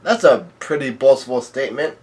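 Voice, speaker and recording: With lively intonation, a medium-pitched voice, and a moderate pace, a man reads a comic chapter aloud and comments along the way. Even so, the quoted lines come out in the same plain, level tone as the rest, fitting his casual manga-reader style.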